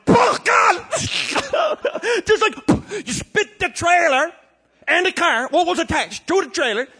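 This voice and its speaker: Rowdy, high-pitched Newfoundland storyteller. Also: male voice, gravelly, slight background noise. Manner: rollicking, shouting and laughing through a yarn. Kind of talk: comic tall-tale monologue on a live album.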